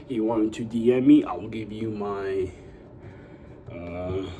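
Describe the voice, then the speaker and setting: A man's voice: on the low side, unhurried, dark tone, slight background noise, low-quality recording. A young man vlogging casually to his viewers, rambling with constant fillers and hyping them up. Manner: rambling, full of "you know" and "like" fillers; upbeat hype talk to viewers. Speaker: YouTuber. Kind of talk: casual vlog chat.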